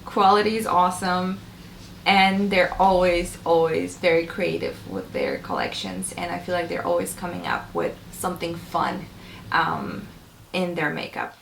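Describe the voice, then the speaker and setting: A woman's voice: on the low side, expressive, measured pace, vocal fry, reverberant, slight background noise. A young adult woman chatting casually and enthusiastically to camera as a beauty vlogger, with lots of fillers. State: a little out of breath.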